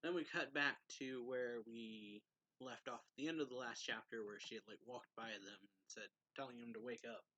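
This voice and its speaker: A man's voice: medium pitch, moderate pace, bright, forceful tone, no room sound, highs cut off. A man casually recapping a manga chapter, rambling with lots of fillers and reading out the characters' lines. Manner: rambling retelling with many fillers, reading out dialogue. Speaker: manga reviewer.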